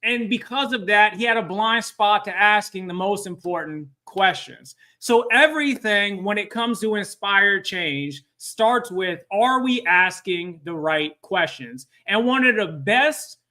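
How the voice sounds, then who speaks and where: High, bright-voiced male webinar presenter. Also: lively intonation, measured pace, few pauses. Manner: engaging, quizzes the audience often. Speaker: workforce training webinar presenter. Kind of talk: live webinar talk with storytelling.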